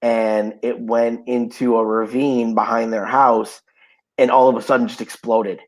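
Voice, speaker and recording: Here a man with a mid-range voice talks a little slowly over poor audio. He co-hosts a casual podcast at home, hiccuping as he tells easygoing stories loaded with fillers.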